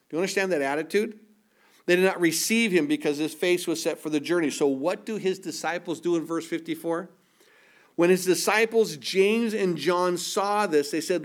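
A man preaching a sermon in a lively storytelling way, acting out the people in the story with sudden swings between loud and soft. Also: fairly high pitch, a little fast.

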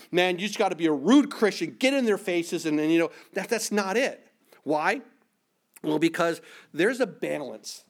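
A man preaching a sermon as pastor, reading scripture aloud and rising for emphasis, with frequent restarts and repeated words. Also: high-pitched. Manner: stumbles and repeats words when searching.

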